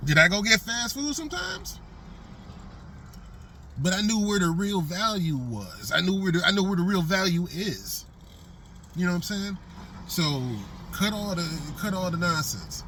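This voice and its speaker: A man's voice: sits high, very animated, measured pace, pushed and bright, a little hiss or hum. A middle-aged man giving a blunt, profane, streetwise vlog monologue from a vehicle. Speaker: vlogger.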